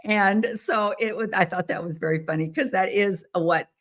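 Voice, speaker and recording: A woman's voice: medium pitch, normal speed, fairly bright tone. A middle-aged American woman hosting a casual, rambling monologue with frequent ums and little laughs. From United States. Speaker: host.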